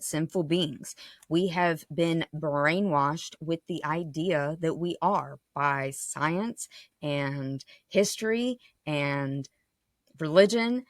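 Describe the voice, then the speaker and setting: A woman's voice: sits low, no room sound, studio quality. A woman hosting a podcast, talking in a passionate, casual monologue that keeps checking in with "right?". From United States. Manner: passionate, frequent "right?" tags. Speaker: podcast host.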